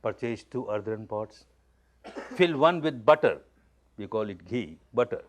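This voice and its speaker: A man from India gives a spoken discourse as a spiritual teacher, telling stories and repeating key phrases as he makes his points plainly and emphatically. His voice is lowish with lively intonation and an unhurried pace, and there's a little hiss or hum.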